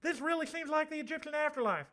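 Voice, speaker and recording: A man's voice: quick pace, bright, forceful tone. A man voicing the ghost of an effeminate southern man with a lisp. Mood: campy. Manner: high, campy, lisping put-on voice. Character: flamboyant lisping southern man's ghost.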